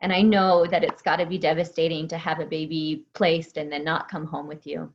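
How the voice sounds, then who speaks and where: A woman hosting an interview, who speaks in a reflective, measured, soft way. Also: sits low, level tone. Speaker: podcast host. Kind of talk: interview talk. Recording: dull lo-fi audio.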